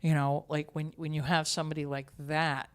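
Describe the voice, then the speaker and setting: At normal speed and with a deep voice, a female theatre writer-director tells stories in an informal interview. She speaks with emotion and expressiveness, sometimes falling nearly to a whisper.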